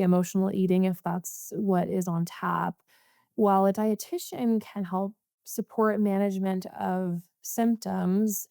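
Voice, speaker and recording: A woman dietitian co-hosting a podcast, speaking in a thoughtful, gentle, earnest way. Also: medium pitch, creaky, no echo, clean studio sound. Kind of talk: podcast discussion.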